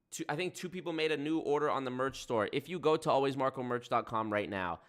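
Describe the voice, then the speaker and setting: A man's voice: mid-range voice, a bit bright. A young man hosting a livestream, talking in a sarcastic, profane, rambling way. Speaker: livestream host. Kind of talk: casual stream commentary.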